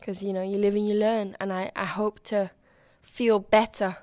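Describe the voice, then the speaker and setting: A young woman hosting her own podcast, chatting in a bubbly, open way with a loud, high-pitched voice that climbs when she gets excited. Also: moderate pace, no echo. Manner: bubbly and chatty, with frequent restarts and acted-out quotes. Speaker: podcast host. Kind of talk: casual solo podcast chat.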